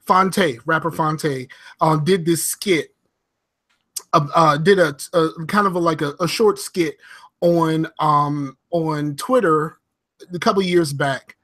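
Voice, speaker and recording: Male co-host with a raised voice, animated and full of fillers. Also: on the high side, slow. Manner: animated storytelling, frequent fillers. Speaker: podcast co-host. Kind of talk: casual podcast chat.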